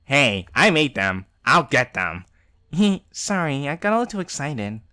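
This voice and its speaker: A man's voice: fairly high pitch, big pitch swings, unhurried, pushed and bright, clean tone, pitched above the performer's own voice, heavily acted. A man voicing a bratty, proud teenage girl in a visual novel, talking in snippy, brusque bursts.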